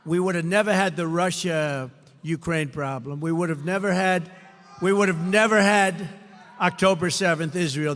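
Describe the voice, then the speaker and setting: Older male rally speaker, high and bright, booming through a long hall reverb with faint crowd hum. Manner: repetitive, emphatic, rising to shouted lines. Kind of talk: campaign rally speech. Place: large indoor rally venue.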